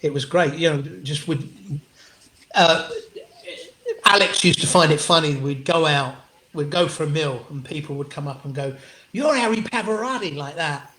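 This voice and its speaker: A middle-aged English man, a comedian guest, telling anecdotes in an animated, casual way with frequent restarts and the odd swear word. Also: a little high, normal speed. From England. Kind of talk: anecdotal storytelling in an interview. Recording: roomy echo.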